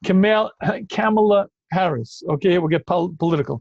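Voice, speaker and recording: A man hosting a call-in Q&A as a rabbi, emphatic and quick to cut in with repeated phrases. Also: high voice, creaky, darkish tone, dull audio. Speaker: rabbi answering callers. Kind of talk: call-in Q&A talk.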